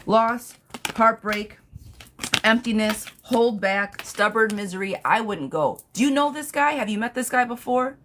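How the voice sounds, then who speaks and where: A woman's voice: fairly high pitch, a little slow, fairly bright tone, slight background noise. A woman doing a live-stream tarot reading, talking bluntly and sassily, reading viewer questions aloud and cursing freely. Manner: chatty, laughs at her own jokes. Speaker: tarot reader.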